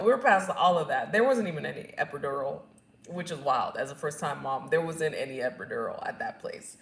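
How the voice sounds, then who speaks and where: Young woman chatting through a personal story, lowish voice, acts out the quotes, echoey room. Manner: animated, acts out quotes and screams, laughs at herself. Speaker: vlogger telling her birth story.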